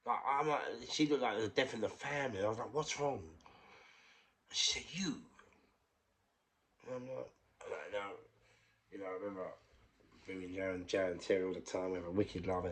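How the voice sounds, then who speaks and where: A middle-aged man with a London accent, telling his own story casually, repeating phrases and swinging between hushed and loud. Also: on the low side, steady tone, a little fast, long pauses. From England.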